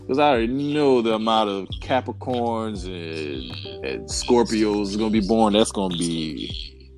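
A man with a Southern US accent hosts a podcast in a relaxed, profane way. His voice sits fairly low. Faint music runs in the background. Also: a little slow. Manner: loose, profane, laid-back. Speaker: podcast host. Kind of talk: casual podcast chat.

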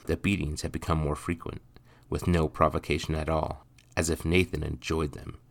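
A man narrating a dark period story for a podcast in a measured, even reading voice. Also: extremely low pitch, creaky.

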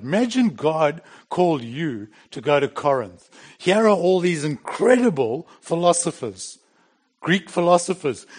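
Conversational middle-aged male pastor preaching. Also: on the high side. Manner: plain and conversational, with bursts of emphasis. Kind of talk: sermon.

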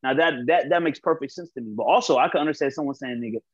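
A man tells stories in a loose podcast chat. He acts out quotes and swears freely. His voice sits a bit high, and the recording is dry and slightly muffled. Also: quick pace, no echo. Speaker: podcast co-host. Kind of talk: casual chat.

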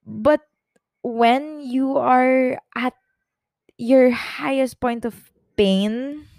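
A young woman hosts her own podcast in a personal, confessional chat, her high voice moving extremely slowly with vocal fry and a darkish tone. She rambles emotionally, at times tearfully, full of restarts and fillers. The studio sound is clean with no room sound.

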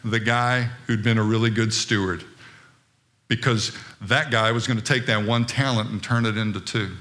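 A man's voice: on the low side, steady tone, normal speed, pushed and bright. A middle-aged man preaching a sermon as pastor, emphatic and fervent.

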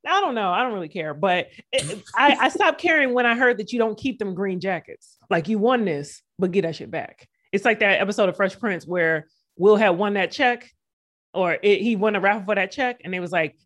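A woman's voice: mid-range voice, expressive, brisk, a bit bright. A woman co-hosting a casual sports podcast, chatty and digressive, joking as she goes. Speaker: podcast co-host.

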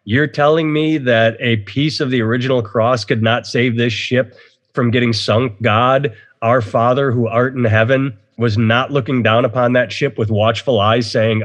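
A man's voice: medium pitch, steady tone, moderate pace, lo-fi sound. Opinionated man rambling in casual chat. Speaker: podcast host.

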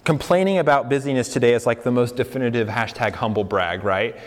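A man's voice: mid-range voice, fast talker. Young man preaching casually to a congregation, talks with them, in a reverberant hall. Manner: conversational, asks the congregation questions, laughs along. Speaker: pastor. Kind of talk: sermon.

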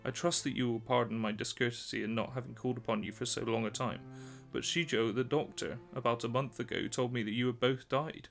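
A man doing a gentle, courteous young samurai. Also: medium pitch, steady tone, brisk, creaky, hardly any pauses, faint music behind. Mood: apologetic. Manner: earnest and courteous. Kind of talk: storybook reading.

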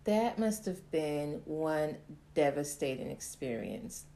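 A woman hosting a casual talk, reacting to a guest's story with quick exclamations and questions. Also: low-pitched, sing-song, vocal fry, warm tone, slight background noise. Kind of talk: casual interview chat.

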